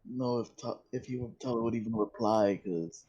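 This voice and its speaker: A man playing in a tabletop game, speaking in a hesitant, halting way with restarts. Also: mid-range voice, warm tone, husky, muffled recording. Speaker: player. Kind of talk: casual chat at a tabletop game.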